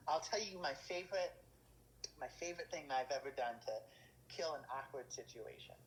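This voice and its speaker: A woman's voice: deep voice, lively intonation, normal speed, a little hiss or hum, low-quality recording. A woman dungeon master, a guest in a casual interview, rambling with lots of fillers and restarts.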